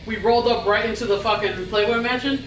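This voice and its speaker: A woman's voice: on the high side, quick pace, distant mic, a little hiss or hum. A woman co-hosting a casual wrestling chat show, talking in a chatty, profane, storytelling way. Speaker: podcast co-host. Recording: roomy live stream with music, off-mic.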